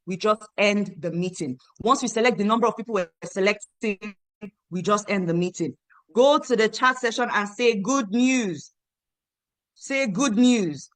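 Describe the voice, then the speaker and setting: A woman in her thirties from Nigeria, hosting an online meeting and giving an emphatic, repetitive sales pitch that urges listeners to act now. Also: a bit bright, dry recording. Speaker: online meeting host selling a program. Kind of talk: motivational sales pitch on a video call. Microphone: video call.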